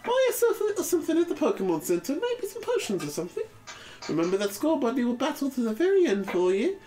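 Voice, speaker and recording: A guy doing a fussy british mum from a video game, squeaky high and sing-songy, rattling off her advice. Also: sing-song, fast talker, dark tone, faint music behind. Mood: fussing. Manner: fussy, sing-song motherly tone. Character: doting British mother, middle-aged woman.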